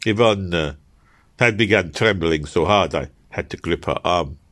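A man's voice: low-pitched, unhurried, fairly bright tone. A man reading an audiobook, telling a first-person tale in a theatrical way and turning to address his listeners. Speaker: audiobook narrator.

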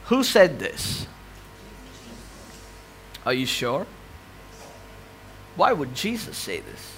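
A man preaching a sermon as a pastor, questioning the congregation and swinging between loud impassioned cries and hushed, quiet lines. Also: wildly swooping pitch, very slow, slight background noise. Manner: swells loud and high on impassioned cries, drops to quiet near-whispers.

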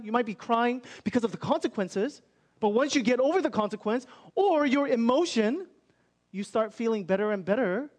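High-voiced man preaching earnestly. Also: darkish tone. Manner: earnest, conversational, acts out inner thoughts. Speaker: pastor. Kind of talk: sermon.

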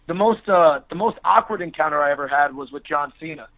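Man, wrestler guest, higher voice, tinny phone line, acts out quoted people in his story. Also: quick pace. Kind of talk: casual storytelling interview.

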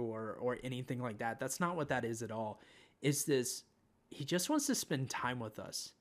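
Man, casual Christian testimony, conversational, filler-heavy, restarts, mid pitch. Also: moderate pace. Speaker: Christian speaker sharing a spiritual vision.

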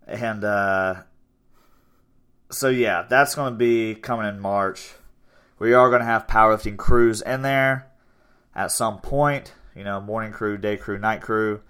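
A man in his twenties talks in a loose, rambling way, upbeat and a bit self-promoting. His voice sits low and comes through smooth and resonant. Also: measured pace, a bit bright. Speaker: podcast host and gym owner. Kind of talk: casual chat.

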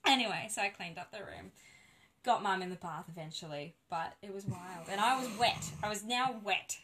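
A woman casually telling a birth story on a podcast, animated and laughing often. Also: medium pitch, normal speed, crowd noise.

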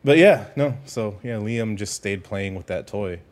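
A man co-hosting a casual podcast, telling stories in a relaxed, easygoing way. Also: fairly low pitch, unhurried. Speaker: podcast co-host.

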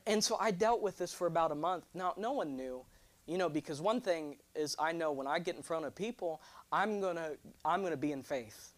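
A young man preaching a sermon, animated and joking, drawing responses from his congregation. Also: on the high side, a little fast. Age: 20s. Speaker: pastor.

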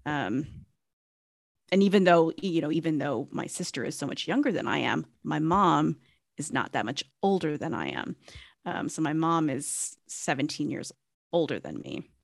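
A woman's voice: low-pitched, very animated, moderate pace, creaky, dry recording, clean studio sound. A woman in her thirties co-hosting a podcast, talking in a rambling casual way with lots of fillers. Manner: rambling, many fillers and restarts. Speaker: podcast co-host. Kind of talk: casual chat.

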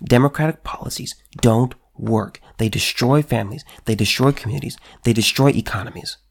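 Man, political commentary vlog, emphatic, rhetorical questions, stammering restarts, mid-pitched voice. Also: brisk, creaky. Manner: stammering restarts when worked up. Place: California.

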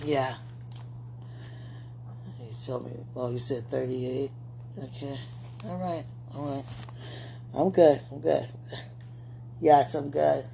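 A woman's voice: extremely low pitch, steady tone, slow pace, creaky, pauses often, background noise. A middle-aged woman speaking an emotional, repetitive prayer aloud, pleading and talking to herself.

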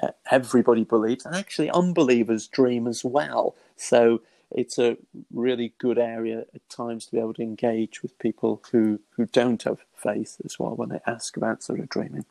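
A man's voice: medium pitch, normal speed, vocal fry. Earnest middle-aged man teaching on faith. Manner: earnest, lively, acts out quoted thoughts, frequent restarts. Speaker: Christian teacher. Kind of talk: conversational teaching.

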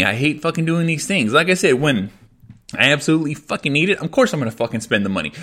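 A man's voice: medium pitch, fairly bright tone. A man hosting his own podcast, ranting alone in a frustrated, heavily profane, self-deprecating way. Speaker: podcast host. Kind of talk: solo rant.

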